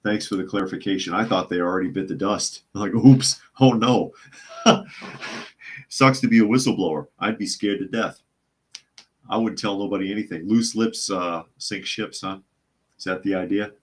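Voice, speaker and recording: A man's voice: deep voice, fairly even intonation, fairly quick, husky. A man hosting a live news podcast, reading out reports and chat comments and answering them with sardonic remarks. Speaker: podcast host.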